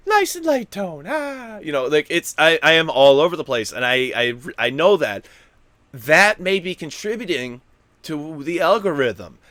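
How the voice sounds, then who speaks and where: A goofy, animated man rambles through casual gaming news commentary, his voice swinging from hushed to loud. The tone is bright and forceful, slightly high for a man, and the sound is dry and close. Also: moderate pace, dry recording. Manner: goofy, self-deprecating. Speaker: YouTube gaming news host.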